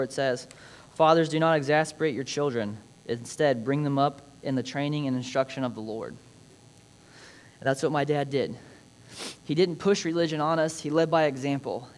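A young man gives a prepared personal speech about his father, reading scripture in an earnest, reflective way with touches of light humor. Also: mid-range voice. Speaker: speaker honoring his father.

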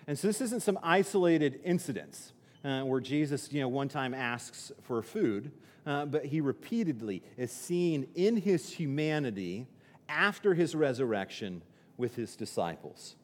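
A man's voice: mid-range voice, sing-song, measured pace. A man preaching a sermon as pastor, in a conversational way, often restarting and acting out quotes. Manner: conversational, repeats words and restarts, acts out quotes. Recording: long reverb of a hall.

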